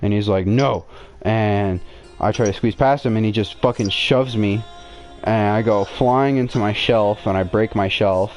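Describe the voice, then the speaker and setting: With a lowish voice at normal speed, this young podcast host wanders through a lengthy personal anecdote, profane and full of false starts and fillers. Faint music sits in the background.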